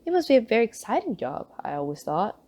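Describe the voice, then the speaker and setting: A woman's voice: a little high, very animated, fast talker, dark tone. A woman reading aloud, voicing a flustered and chatty nun who babbles in a hurry. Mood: gushing. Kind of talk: audiobook character reading.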